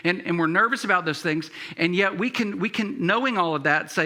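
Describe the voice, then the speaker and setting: A male pastor delivers a sermon in a relaxed, conversational way, often restarting his sentences and filling pauses. His voice is very bright and forceful, and pitched somewhat high for a man. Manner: conversational, many fillers and restarts.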